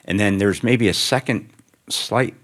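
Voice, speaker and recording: A man with a very low, deep voice talks as a writer in front of a student audience. He answers in a reflective, wandering way, slipping in wry asides. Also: a little slow. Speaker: writer, guest of an onstage interview. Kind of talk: answering questions before a live student audience.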